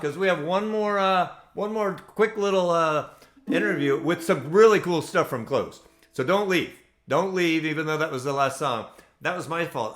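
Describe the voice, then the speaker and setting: A man hosting an online ukulele play-along, singing slowly over his own strumming and chatting between songs. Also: a little high. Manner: sings slowly with strumming, then chats in quick asides. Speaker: ukulele teacher and host. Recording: roomy echo under loud ukulele. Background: loud ukulele strumming.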